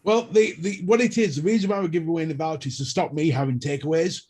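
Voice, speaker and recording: A man's voice: fairly high pitch, fast, darkish tone, slightly rough. A man co-hosting a live chat show, telling stories and crude jokes. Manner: crude joking storyteller. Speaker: co-host. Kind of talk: casual live-stream banter.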